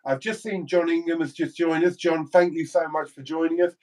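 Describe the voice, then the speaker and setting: A man's voice: on the high side, steady tone, brisk, darkish tone, rough recording. An English man co-hosting a casual livestream, reading out viewer comments and laughing easily. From England. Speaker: livestream co-host.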